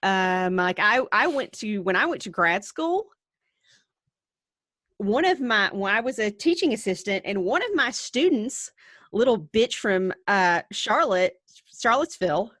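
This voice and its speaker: A woman's voice: medium pitch, animated, unhurried, a bit bright, no echo, studio quality. A woman with an Appalachian accent, a podcast co-creator and guest, speaking in a frank, wry way. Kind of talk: casual interview chat.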